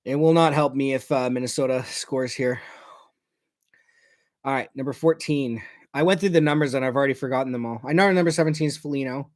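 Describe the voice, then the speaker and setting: A man's voice: medium pitch, brisk, dry recording. Man, fan game commentary, profane and heated, dry home-mic sound. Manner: ranting, profane, swings from shouting to muttering. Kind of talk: fan watch-along commentary. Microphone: personal mic.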